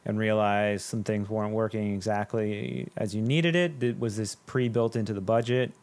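A man's voice: lowish voice, fairly even intonation, moderate pace, a little mellow. A man hosting a podcast, asking questions with hesitant fillers. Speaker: podcast host. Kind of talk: podcast interview.

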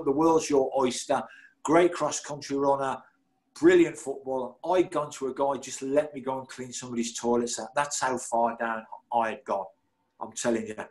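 A man, a guest telling lively, self-deprecating stories and laughing through them. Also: medium pitch. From Birmingham, England. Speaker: guest, former footballer. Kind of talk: anecdotal storytelling.

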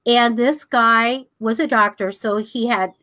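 Older lady psychic host, fairly high voice, chatty, acts out everyone in her stories. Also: measured pace. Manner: animated, acts out voices in her anecdotes, laughs often. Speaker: psychic radio show co-host. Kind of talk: casual storytelling chat.

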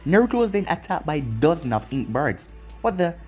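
A man's voice: fairly high pitch, sing-song, fairly quick, a little mellow, soft background music. A man narrating a fan fiction story aloud in a plain storybook reading.

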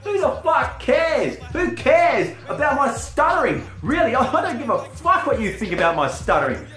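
A man's voice: extremely high pitch, very animated, normal speed, fairly bright tone. A man who talks profanely, taunts his rival, and stutters now and then in a wrestling trash-talk promo. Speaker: wrestling character cutting a promo. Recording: roomy with faint music behind.

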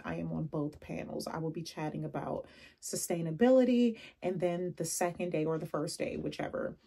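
A young adult woman vlogging casually, telling animated stories with laughs and asides. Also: deep voice, vocal fry, breathy edge. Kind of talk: casual chatty vlog.

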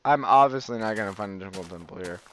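A man's voice: on the low side, fast talker, fairly bright tone, a little hiss or hum. A man doing goofy, rambling Let's Play commentary, breaking into whiny mock-crying outbursts. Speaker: gamer, channel host.

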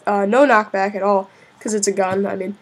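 A woman's voice: mid-range voice, steady tone, normal speed. A woman casually narrating a video game weapon review, rambling and chatty with frequent hesitations. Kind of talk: casual gameplay commentary.

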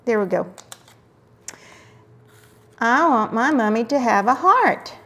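This craft video host is a middle-aged woman who talks through a casual tutorial as she works, offering friendly asides and sometimes murmuring to herself. Her voice is a little high and animated, and she speaks slowly.

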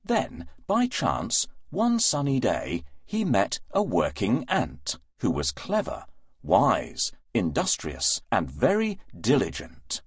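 A man narrating a rhyming bedtime fable in a sing-song, expressive way. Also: fairly low pitch, slow, breathy edge, dry recording, studio quality.

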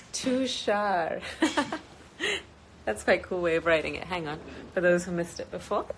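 A woman speaking in a slightly low voice, chatting to fans on a phone live stream outdoors. She reads out their comments, switches easily between English and Hindi, and fills pauses with ums. Faint open-air noise sits behind her. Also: rough recording. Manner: chatty and upbeat, with frequent ums. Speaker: singer hosting a live stream. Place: outdoors in sunny Goa.

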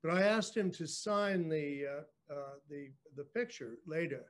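A man in his sixties, a guest telling a story with dry, self-mocking humor, halting often with fillers and restarts. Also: on the high side. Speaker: guest storyteller, former speechwriter. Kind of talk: anecdotal storytelling on a virtual book event.

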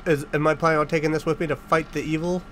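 A man hosting a casual let's-play, joking sarcastically and blurting loud startled reactions. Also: on the high side, little pitch movement, fast talker, slight background noise. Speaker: gaming channel host.

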